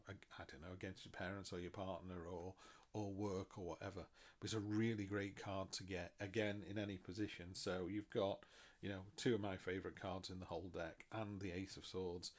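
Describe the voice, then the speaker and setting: Chatty middle-aged man, low voice. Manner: chatty, self-mocking, animated asides. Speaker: tarot reader. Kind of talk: casual tarot reading.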